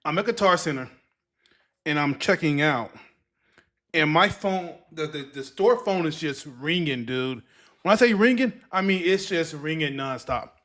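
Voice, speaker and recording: A man tells a story on a podcast, acting out each line he quotes. His voice sits high for a man. He talks in a loose, casual way. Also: measured pace. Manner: animated storyteller who acts out other people's lines. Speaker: podcast co-host.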